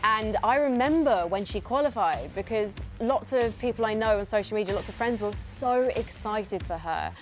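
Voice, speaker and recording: A woman hosting a live esports final, steering the conversation and turning questions to her co-hosts. Her delivery is relaxed and conversational at a middle pitch. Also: moderate pace, hardly any pauses, faint music behind. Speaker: broadcast host. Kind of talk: live broadcast presenting.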